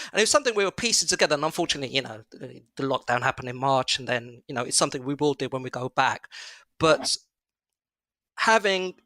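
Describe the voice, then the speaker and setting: Male guest, upbeat anecdote teller, crisp and dry, slightly high-pitched. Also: no room sound. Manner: animated, acts out customers' voices in anecdotes. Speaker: restaurant co-founder, guest. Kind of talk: casual interview storytelling.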